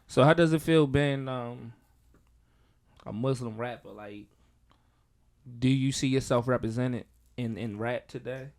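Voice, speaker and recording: A man co-hosting a casual podcast, chiming in with quick questions and short affirmations. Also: mid-range voice, a little mellow. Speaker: podcast co-host.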